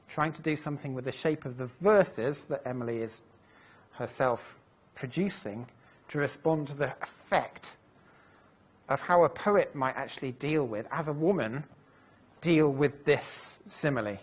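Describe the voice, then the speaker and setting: A man's voice: mid-range voice, breathy edge. A man giving a recorded lecture, thinking aloud as he goes, with frequent fillers and self-corrections. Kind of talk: recorded lecture walking through translations.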